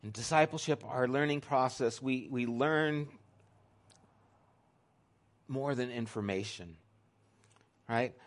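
A middle-aged man preaching a sermon as pastor, talking conversationally and swinging between loud emphasis and a soft hush. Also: mid-range voice, slow, long pauses.

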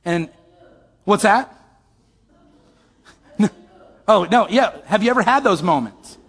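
High-voiced man preaching in a reverberant hall. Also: lively intonation, slow pace, creaky, a bit bright, slightly rough. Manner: conversational, asks the audience questions. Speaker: pastor. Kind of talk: sermon storytelling.

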